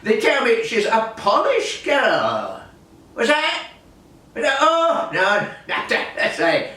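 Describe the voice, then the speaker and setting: A man's voice: very high voice, huge pitch swings, drawn-out words, bright, forceful tone. A Scottish man hosting a music hall show with grumbling, miserly comic patter, chuckling often. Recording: echoey hall from far off.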